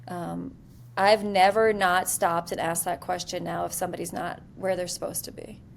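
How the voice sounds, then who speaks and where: With a lowish voice, some vocal fry, and a normal pace, a woman in her forties shares a candid story as an interview guest; she's a military leader. Her telling is lively, self-deprecating, and full of fillers, over a slight hiss or hum.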